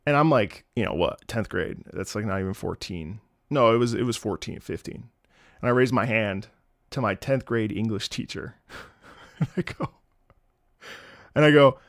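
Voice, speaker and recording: A man's voice: mid-range voice, a little slow, creaky, pauses often, no echo, clean studio sound. A young man telling stories to his chat on a livestream, laughing often and acting out the people he quotes. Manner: animated, laughs often, acts out quoted voices. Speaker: streamer reacting to game music. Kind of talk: casual storytelling on a livestream.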